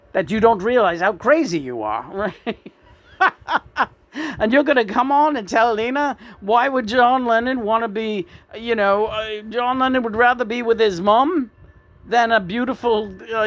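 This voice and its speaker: Lady channeling a cocky dead rock star guy, swears a lot, mocking rant, kinda high for a man. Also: expressive, unhurried, no echo. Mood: scornful. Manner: profane, mocking rant with sudden loud outbursts. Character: channeled spirit of a famous male rock star, brash. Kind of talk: spirit channeling talk.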